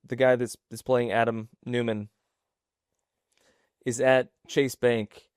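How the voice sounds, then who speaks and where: A man's voice: mid-range voice, little pitch movement, darkish tone, clean tone, no echo. Chatty male podcast co-host, dry sound. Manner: chatty, quick short affirmations. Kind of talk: casual business chat.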